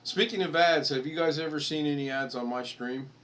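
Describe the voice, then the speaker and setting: A man's voice: fairly high pitch, brisk, fairly bright tone, slight background noise. An American man hosting a casual live stream chat, rambling and joking and laughing at his own stories. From United States.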